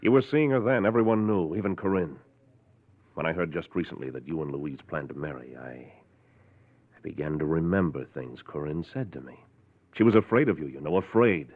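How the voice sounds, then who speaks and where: Stubborn accusing druggist, deep voice, insistent, vintage radio sound. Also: male voice, moderate pace, husky, exaggerated voice. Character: small-town male druggist, accusing and stubborn. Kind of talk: 1940s radio acting. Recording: thin lo-fi old radio recording.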